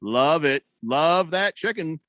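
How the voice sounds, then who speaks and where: A man's voice: a little high, expressive, takes it slowly, a bit bright, no room sound. A man hosting a sports radio show, chatting casually and reading listener messages in a rambling, wry way. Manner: rambling, self-correcting, wry. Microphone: studio broadcast mic.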